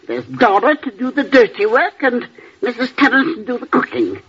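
An actress playing a domineering, sarcastic old aunt who is an invalid, in a vintage radio drama. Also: female voice, on the high side, big pitch swings, normal speed, breathy edge, full character voice. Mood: scolding. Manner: sharp, scolding, sarcastic. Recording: muffled old radio recording.

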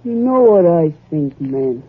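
A woman playing a grumbling rural woman who scorns the boss, with a husky, drawling voice. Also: deep voice, very animated, exaggerated voice. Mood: scornful, smug. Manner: slow drawling rural speech, laughs often. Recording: tinny phone-like old recording.

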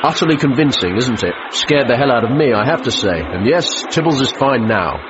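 A man's voice: mid-range voice, sing-song, fairly quick, muffled recording, noisy background, lightly acted. A man playing a boastful 1950s film studio presenter in a mock newsreel.

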